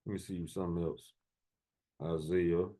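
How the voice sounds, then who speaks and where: A man's voice: low-pitched, flat delivery, measured pace, warm tone. A man preaching fiery sermons, reading verses aloud in solemn tones and then taunting his enemies with profanity.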